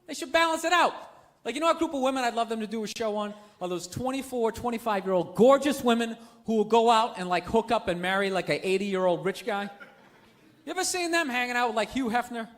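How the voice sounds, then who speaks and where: Middle-aged male stand-up, high and punchy, ranting with sudden shouts. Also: animated, quick pace. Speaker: stand-up comedian. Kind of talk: stand-up comedy set.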